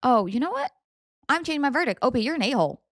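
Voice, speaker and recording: A young adult woman hosting a podcast, reading stories aloud and reacting with animated, indignant, dramatic commentary. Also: sits high, fast talker, dry recording, clean studio sound. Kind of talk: casual story reading and commentary.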